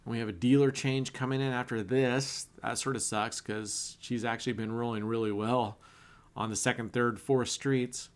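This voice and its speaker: A man's voice: mid-range voice, steady tone, moderate pace. A man chatting casually on a live stream, laughing often and telling jokes between roulette spins. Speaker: casino streamer.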